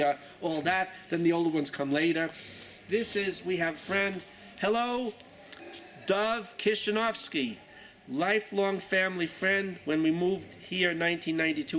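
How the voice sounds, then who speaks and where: A man's voice: a little high, a bit bright, slight background noise, poor audio. A man in his sixties with a New York accent, a journalist rambling chattily through a casual tour of his exhibition, full of jokey asides. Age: 60s. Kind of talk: casual guided tour talk.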